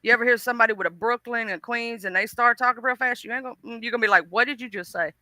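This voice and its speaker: A woman from the Deep South with a Southern US accent, chatting on a talk stream in a folksy, teasing way. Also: bright, forceful tone, no room sound. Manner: folksy, teasing, drawn-out explanations. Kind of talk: casual chat.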